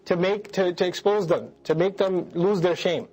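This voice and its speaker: A man's voice: sits high, fairly even intonation, normal speed, a little mellow, rough recording. A man lecturing on scripture, reciting verses, translating them and putting rhetorical questions to his audience. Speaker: Quran lecturer. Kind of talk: religious lecture.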